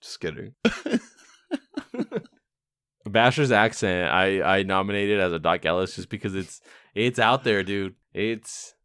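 A young man with a lowish voice co-hosts a casual movie podcast. He laughs a lot and talks loose and profane. The sound is dry and close to the mic. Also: a little slow, pauses often, a bit bright, smooth, no room sound. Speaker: podcast co-host.

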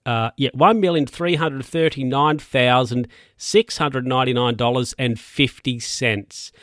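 A man's voice: medium pitch, measured pace, fairly bright tone, dry recording, clean studio sound. A man, casually recapping a TV show in a rambling, sweary way. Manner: rambling, sweary, chuckles often.

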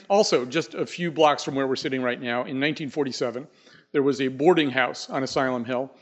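A man's voice: mid-range voice, a little fast, a little hiss or hum. A middle-aged man telling a personal story live, in a wry, conversational way with asides, in a dull lo-fi recording.

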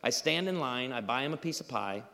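A man preaching a humorous sermon with stories, acting out dialogue in an animated way. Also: medium pitch, brisk. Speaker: pastor. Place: church auditorium. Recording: live hall reverb.

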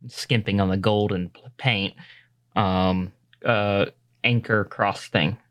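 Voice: low-pitched, takes it slowly. A game master narrating a tabletop session, rambling through descriptions. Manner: animated, rambling.

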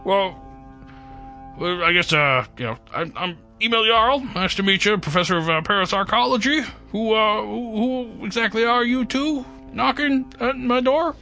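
A man putting on a high, stammering professor. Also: normal speed, creaky, pushed and bright, faint music behind, full character voice. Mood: flustered. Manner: hesitant, stammering. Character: nervous obese male parapsychology professor.

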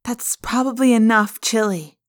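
A woman's voice: fairly high pitch, measured pace, voice pushed up, natural voice. Woman playing a jittery teen girl, hesitant and anxious; audiobook scene. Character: nervous teenage girl covering for a friend. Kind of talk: fan audiobook reading.

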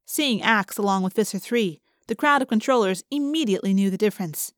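A woman narrating a first-person novel in a clear, measured storytelling manner. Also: mid-range voice, no echo, studio quality. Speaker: audiobook narrator.

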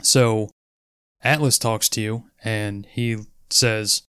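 A man in casual chat, explaining quickly and eagerly, swearing freely. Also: fairly low pitch, fairly even intonation, pushed and bright, smooth, no room sound, clean studio sound.

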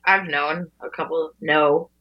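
A woman's voice: deep voice, fairly even intonation, slow pace, highs cut off. A woman guest on a podcast, chatting playfully and chiming in. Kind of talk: casual chat.

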